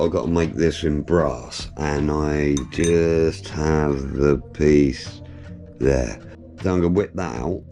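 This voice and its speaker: This car-building vlogger has a very deep, slightly mellow voice. Working away in his home workshop, he keeps up a chatty, jokey commentary, talking through every step.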